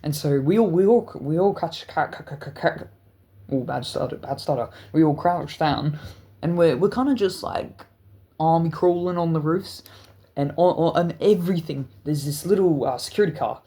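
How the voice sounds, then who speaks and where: A man's voice: on the high side, normal speed. A man telling a wild story in a storytime vlog, stuttering often and cursing freely. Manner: stuttering, profane, animated storytelling. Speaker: channel host.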